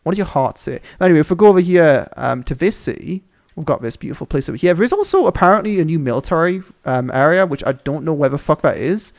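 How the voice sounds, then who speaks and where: A young man hosting a gaming channel, giving excitable, rambling, swear-filled commentary as he tours a game map. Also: fairly high pitch, fast talker.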